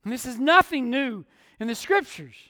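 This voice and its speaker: Male pastor preaching, really high voice, emphatic, dry close mic but a long hall tail behind it. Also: expressive, normal speed. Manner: emphatic preaching, dropping to quieter asides. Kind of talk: sermon.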